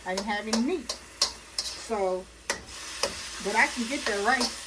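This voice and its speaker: Woman, cooking host, folksy chatter, distant mic, loud sizzling pan. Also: on the high side, measured pace, very noisy. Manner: chatty, folksy, talks while cooking, laughs often. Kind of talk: casual cooking demonstration. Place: home kitchen at a hot stove.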